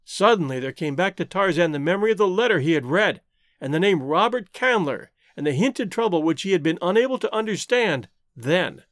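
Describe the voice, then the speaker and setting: A male audiobook narrator with a high, animated voice that rises and falls dramatically through the story. The read is close and dry, with no room sound. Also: brisk, no echo.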